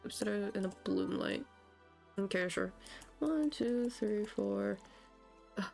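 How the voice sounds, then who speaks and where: A woman's voice: medium pitch, slow pace, gravelly, darkish tone, soft background music. A woman streamer giving chatty, frazzled commentary while playing a game. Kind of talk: casual gameplay commentary.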